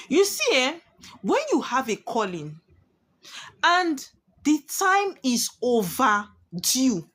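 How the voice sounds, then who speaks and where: A woman speaks as a spiritualist addressing her followers. Her voice sits high and swoops widely as she drives home warnings in an emphatic, preaching manner. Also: a bit bright. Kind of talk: prophetic monologue to viewers.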